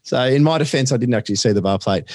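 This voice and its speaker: An Australian man tipping horse races on a podcast, chatty and quick, with lots of fillers and restarts. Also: medium pitch, darkish tone, dry recording, studio quality. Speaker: racing podcast tipster. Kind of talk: casual racing chat.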